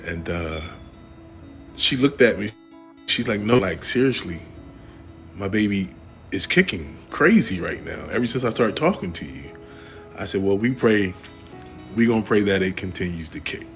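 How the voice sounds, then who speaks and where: A man casually telling a personal story, jokey and animated, his voice jumping higher when he quotes people. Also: normal speed, long pauses, soft background music. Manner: jokey, uses "y'all". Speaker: storyteller in a shared clip.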